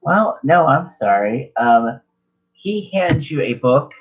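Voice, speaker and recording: A man's voice: medium pitch, very animated, takes it slowly. A man running a horror tabletop game as game master, rambling, self-correcting, swearing casually. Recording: dull lo-fi recording.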